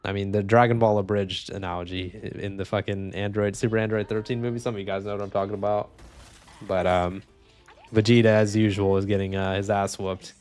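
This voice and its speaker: A man's voice: on the low side, flat delivery, a little fast, a little mellow, clean tone, faint music behind. A young man talking casually while playing a video game, joking, rambling and swearing freely. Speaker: gaming streamer. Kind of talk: casual gameplay commentary.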